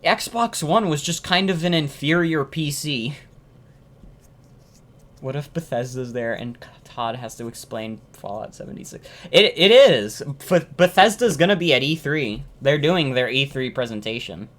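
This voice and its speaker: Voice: medium pitch, expressive, a little slow, fairly bright tone. A streamer chatting casually on a live reaction stream, ranting and swearing about games, often repeating themselves.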